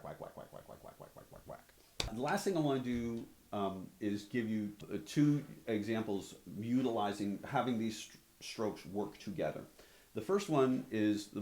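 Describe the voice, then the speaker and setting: Speaking in a lowish voice with a darkish tone, a man teaches drumming and explains stick strokes in a down-to-earth, conversational way. He counts beats aloud and often asks "right?" The recording is reverberant with a little hiss or hum, and drums and clicks sit behind the voice in this instructional demo.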